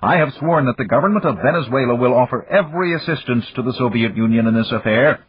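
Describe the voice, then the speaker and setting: A man's voice: medium pitch, lively intonation, quick pace, husky, no room sound, voice pushed up. A man voicing a stiff, furious male government minister who speaks formally and with tight control. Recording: dull dry lo-fi recording.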